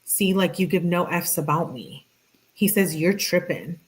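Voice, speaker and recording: A woman's voice: lowish voice, measured pace. A young adult woman reading out text messages between two people, adding sarcastic commentary as a true crime host. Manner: reads both sides flatly, interjects sarcastic asides.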